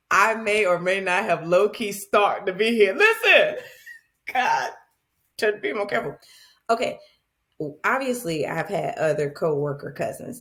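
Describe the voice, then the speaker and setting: Laughing, chatty woman podcast host. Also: on the low side. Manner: animated, laughing often, colloquial asides to listeners. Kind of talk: casual comedic monologue.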